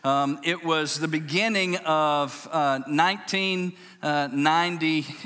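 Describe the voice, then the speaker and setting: A man in his forties with a Louisiana accent, a pastor telling a story as a sermon in a folksy, animated way, growing low and quiet for tender moments. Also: unhurried, smooth. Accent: Southern US, Louisiana. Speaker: pastor, state police chaplain. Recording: long reverb of a large hall.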